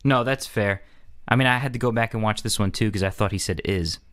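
A man's voice: on the low side, fairly quick, fairly bright tone. A man hosting a casual podcast chat, asking quiz questions and often restarting his sentences. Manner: quizzing, restarts mid-sentence. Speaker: podcast host quizzing co-host.

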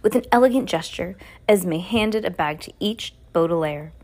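A woman reads a children's novel aloud at a relaxed pace. She often stops to add her own casual, joking comments before going back to the text. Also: lowish voice, moderate pace, slight background noise. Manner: chatty, joking commentary between passages. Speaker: reader. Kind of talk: reading a book aloud with casual asides.

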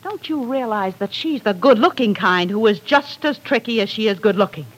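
A woman's voice: medium pitch, animated, moderate pace, husky, poor audio. A woman playing a cruel, scheming female accomplice who talks in a cold, coaxing manner, in 1940s radio acting.

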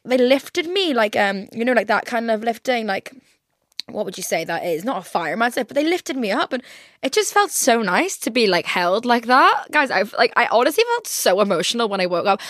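A woman's voice: fairly high pitch, fairly bright tone, dry recording, studio quality. A young woman in her twenties with an English accent, chatting casually as a podcast host and rambling with lots of "like". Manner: rambling, heavy use of "like". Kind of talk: casual chat.

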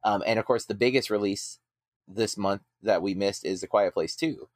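A man's voice: on the low side, moderate pace, no echo, studio quality. A man hosting a casual movie podcast, easygoing with lots of ums and uhs. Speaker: podcast host.

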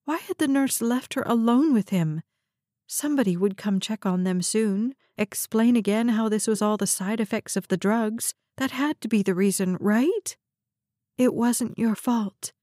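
A woman narrating a novel in a steady, even storytelling read, close to the mic. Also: mid-range voice, normal speed, dry recording. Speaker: audiobook narrator. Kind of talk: scripted narration.

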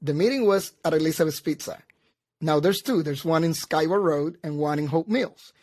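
A man with a notably high voice tells stories in a lively, casual way, jumping into the voices of the people in his tale. The recording is dry and close, with no room sound. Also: moderate pace, dry recording. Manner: animated, acts out both sides of his story, laughs at himself. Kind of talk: casual storytelling chat.

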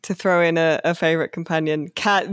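A man's voice: fairly high pitch, fairly even intonation, fairly quick, a bit bright, clear, resonant tone, no room sound. A man hosting a casual podcast chat, hesitant with many fillers and a dry wit. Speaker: podcast host.

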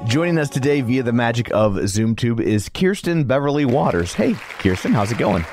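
A man's voice: mid-range voice, normal speed, soft background music. A man co-hosting a podcast, joking wryly in a casual chat. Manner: joking, wry, lively delivery. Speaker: podcast co-host.

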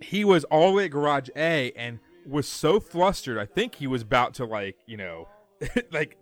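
A man's voice: medium pitch, normal speed, soft background music. A man co-hosting a podcast, telling a story in a casual chat and acting out the quoted lines. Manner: animated storytelling, acts out quoted dialogue. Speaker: podcast co-host.

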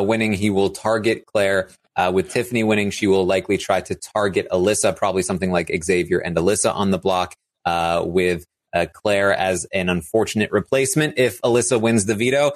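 A man's voice: fairly low pitch, fairly even intonation, normal speed. A man co-hosting a casual live recap show, talking at length with many fillers and frequent laughs. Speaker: podcast co-host.

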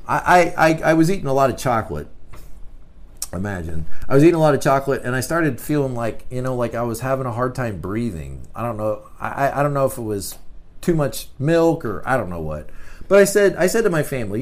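A middle-aged man hosting a podcast, giving a casual talk as a teacher, animated and often repeating words. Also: mid-range voice, brisk. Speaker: podcast host.

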